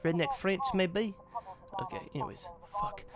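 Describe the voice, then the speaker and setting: A man's voice: high voice, moderate pace, heavy background noise. A young man hosting a let's play, reading a visual novel's narration aloud and chatting casually, swearing freely.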